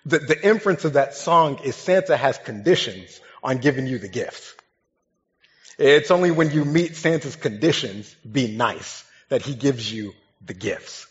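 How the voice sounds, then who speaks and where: A young man, a pastor, gives a sermon built on a funny childhood story, talking in a relaxed, conversational way. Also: medium pitch, normal speed. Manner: humorous, conversational, lively storytelling. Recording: dull sound with long hall reverb.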